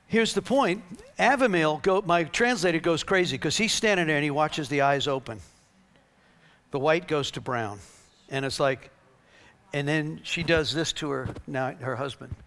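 Guy preaching with a high voice, super animated, acts out the conversations. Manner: animated, acts out dialogue, laughs. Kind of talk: sermon with storytelling.

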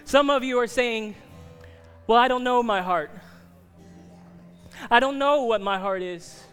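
A male pastor with a very high voice gives an earnest, pleading altar call. He sometimes drops to hushed near-whispers, and soft instrumental music plays faintly behind him. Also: a little slow, clear, resonant tone, in a large hall.

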